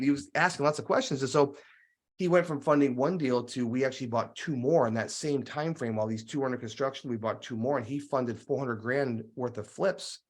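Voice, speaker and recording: A middle-aged real estate investor, appearing as a podcast guest, tells stories at a fairly quick clip in a mid-range voice. He's an animated storyteller who performs the dialogue he remembers.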